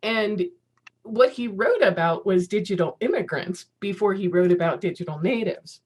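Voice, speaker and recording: A woman's voice: medium pitch, normal speed, darkish tone, husky. Woman, 50s, casual conference speaker on a video call; chatty, self-mocking, laughs easily. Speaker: keynote speaker.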